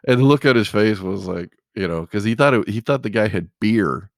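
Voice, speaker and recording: A man's voice: lowish voice, animated, fairly quick, few pauses, dry recording, studio quality. A middle-aged man, a truck driver, chatting casually and telling rambling stories full of "you know". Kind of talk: casual chat.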